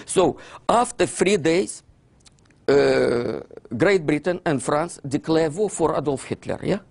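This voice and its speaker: A man with a Russian accent, not a native English speaker, giving an animated lecture, dropping articles and constantly checking in with "yeah?". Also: a little high, slow, vocal fry. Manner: keeps asking "yeah?" to check his listeners; non-native grammar, drops articles.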